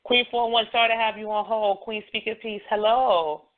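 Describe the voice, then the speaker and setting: A woman's voice: fairly high pitch, steady tone, fairly quick. Woman hosting a call-in show over a phone line. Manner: loose, repeats phrases, frequent "you know what I'm saying". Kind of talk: casual call-in chat.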